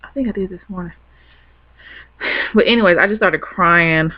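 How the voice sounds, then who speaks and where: A woman's voice: fairly low pitch, moderate pace. A young woman telling a personal story in a rambling, chatty way, laughing easily. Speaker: vlogger. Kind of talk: casual storytelling to camera. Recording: dull lo-fi webcam audio.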